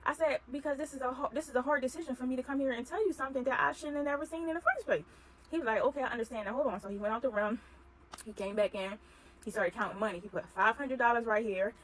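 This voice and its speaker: A woman telling a personal story in casual chat, acting out the dialogue with animated energy. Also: a little high, low-quality recording.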